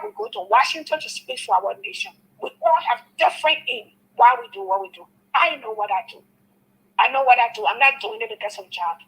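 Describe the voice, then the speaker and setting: A woman's voice: high voice, slightly rough, low-quality recording. A woman calling in to a talk show, speaking earnestly and with a preaching, repetitive manner. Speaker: caller. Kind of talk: call-in talk.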